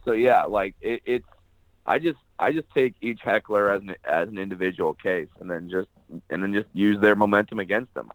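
A man's voice: lowish voice, no echo, low-quality recording. Blunt, profane man telling comedy stories. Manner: profane, blunt and joking, acts out quoted people. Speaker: stand-up comedian guest. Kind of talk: casual podcast interview, storytelling.

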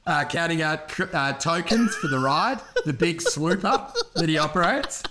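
A man's voice: a little high, lively intonation, normal speed, background noise. A man, co-hosting a podcast with rambling, crude banter and acted-out voices. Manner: rambling, crude, acts out voices while laughing. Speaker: podcast co-host.

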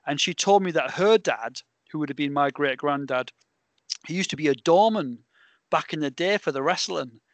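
A British man hosting a podcast, telling stories in a rambling, animated way with lots of fillers. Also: a little high, normal speed, no echo. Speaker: podcast host. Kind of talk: casual chat.

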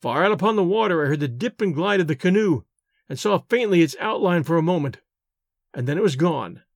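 A man narrating a novel aloud in an expressive, measured reading. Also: fairly high pitch, gravelly, no room sound, clean studio sound. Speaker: audiobook narrator.

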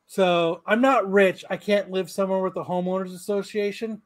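Man with a high voice, foul-mouthed animated storyteller, podcast banter. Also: moderate pace. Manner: profane, animated anecdote-telling. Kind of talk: casual podcast chat.

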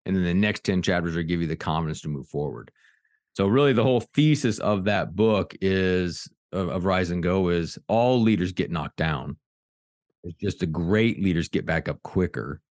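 A middle-aged man with a fairly low voice talks with earnest energy, often restarting his sentences as he tells a story. The sound is close and dry. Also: moderate pace, a little mellow, no echo. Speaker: executive coach and author, guest. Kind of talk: podcast interview storytelling.

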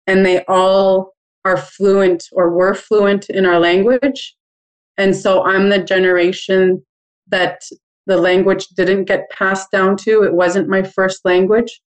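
A middle-aged woman from Canada answering interview questions about making ribbon skirts, in a calm, measured, thoughtful way. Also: medium pitch, low-quality recording.

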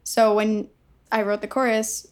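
A woman, a songwriter guest, chatting casually and chiming in with a relaxed manner. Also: mid-range voice, a little slow. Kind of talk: casual chat.

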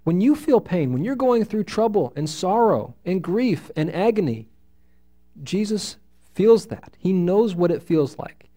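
A man leads a Bible study for a small group in a room, reading passages and unpacking them. His voice sits a little high for a man but has a mellow tone. He keeps his delivery animated and asks the group questions as he goes. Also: unhurried. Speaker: Bible teacher.

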